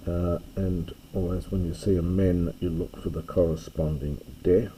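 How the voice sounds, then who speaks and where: An older man teaching a classics lesson, reading an ancient text line by line and explaining each word slowly and carefully. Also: low-pitched, dark tone, slight background noise, poor audio.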